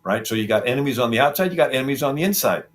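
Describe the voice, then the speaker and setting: A man's voice: medium pitch, expressive, very fast. A man being interviewed as a historian, retelling history in a rambling conversational way with frequent ums and restarts. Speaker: historian guest. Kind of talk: conversational storytelling.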